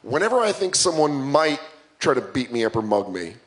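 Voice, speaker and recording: A man's voice: medium pitch, very animated, a little fast. A young man in his twenties performing a stand-up comedy set, self-mocking and punchy.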